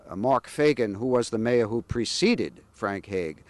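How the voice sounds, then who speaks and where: A man tells stories of old local politicians, pausing often on "uh" as he recalls dates and names. His voice sits at an ordinary male pitch and is recorded dry, with little room sound. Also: expressive, no room sound. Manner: measured, anecdotal with frequent "uh" pauses. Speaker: local historian. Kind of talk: historical storytelling.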